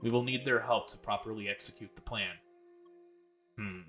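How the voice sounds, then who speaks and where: A man's voice: fairly low pitch, normal speed, bright, forceful tone. A man hosting a let's play, reading game dialogue aloud in a plain voice and stopping now and then to comment.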